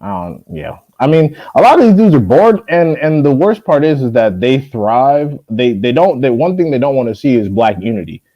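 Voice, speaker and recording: A man's voice: medium pitch, big pitch swings, moderate pace, hardly any pauses, mellow, no room sound, muffled recording. A man hosting a casual chat, telling stories with profanity and frequent laughs. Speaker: podcast host.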